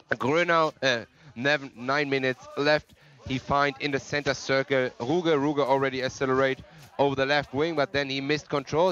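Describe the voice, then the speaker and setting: A man's voice: mid-range voice, a bit bright. A man doing live sports co-commentary in broken, non-native English, chatting about the players between calls. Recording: lo-fi, muffled sound.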